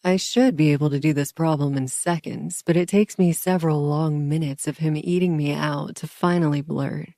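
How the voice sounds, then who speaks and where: A woman's voice: sits low, steady tone, normal speed, few pauses, dark tone, no room sound, studio quality. A woman narrating a first-person audiobook in an intimate, murmuring manner.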